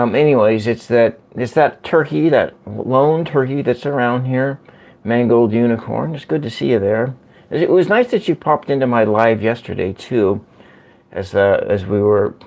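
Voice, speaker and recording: A man hosting a casual livestream from home, chatting slowly and rambling as he answers viewer comments. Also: medium pitch, vocal fry, darkish tone. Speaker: livestream host. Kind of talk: casual live-stream chat with viewers. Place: at home by a window.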